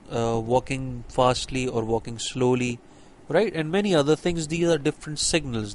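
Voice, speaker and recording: Young man, lecturer, mid pitch, filler-heavy explanatory delivery, faint background hiss. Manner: explanatory, with many fillers and rhetorical "right?". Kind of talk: university lecture.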